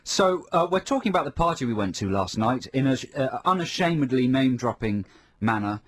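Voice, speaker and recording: A man's voice: mid-range voice, lively intonation, brisk, a bit bright, a little hiss or hum. A man with an English accent, co-hosting a radio show and teasing his partner in casual banter in a studio.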